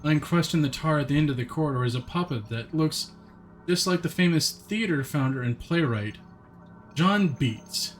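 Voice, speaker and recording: Streaming a game live over faint music, a man speaks a little high at normal speed with lively intonation. He's chatty, answers his viewers, and gives the narration a plain read.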